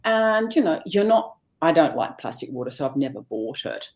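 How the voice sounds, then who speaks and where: A woman's voice: deep voice, moderate pace. A middle-aged woman, a guest on a live talk show, chatting casually and acting out family conversations as she tells them. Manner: animated storyteller, acts out family dialogue. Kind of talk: casual chat.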